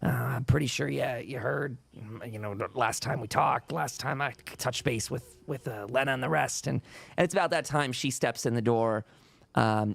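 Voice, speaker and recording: A man with a gravelly, mid-pitched voice narrating a post-apocalyptic tabletop game as game master. He rambles and restarts his sentences often. The sound is dry and close, with no room around it. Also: no echo.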